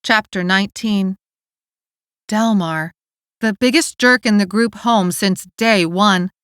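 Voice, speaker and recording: A woman narrating an audiobook in a steady, clear storytelling manner, recorded on a studio mic. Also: medium pitch, slow pace, dry recording. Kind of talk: scripted narration.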